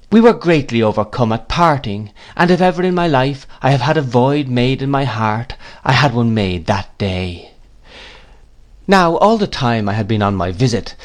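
A man narrating an audiobook of a classic novel in a measured, expressive storytelling manner. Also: medium pitch. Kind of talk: audiobook reading.

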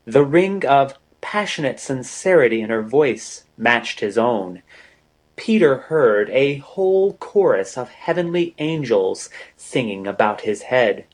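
A man narrates an old-fashioned romance in an unhurried, deliberate reading. His pitch sits in an ordinary middle range, and he lets each phrase land slowly. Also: expressive. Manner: unhurried, measured literary reading. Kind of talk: audiobook reading of a romance novel.

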